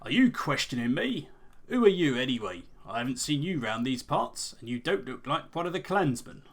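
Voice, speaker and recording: A man's voice: mid-range voice, very animated, normal speed. Surly overseer, read by a man doing a voice, short-tempered, game dialogue. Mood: irritated. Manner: irritable, defensive.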